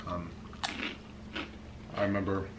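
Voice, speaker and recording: A man's voice: low-pitched, flat delivery, slow pace, roomy sound, background noise. A young man chatting casually on a family vlog, hesitant with many fillers. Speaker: vlogger's husband. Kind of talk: casual chat.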